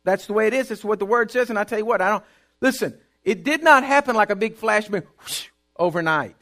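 A middle-aged man, preaching a sermon with emphatic repetition that climbs into shouting. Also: high-pitched, fairly quick.

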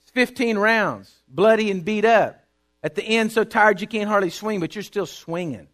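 A middle-aged man, preaching a sermon with emphatic repetition that climbs into shouting. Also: high-pitched, normal speed.

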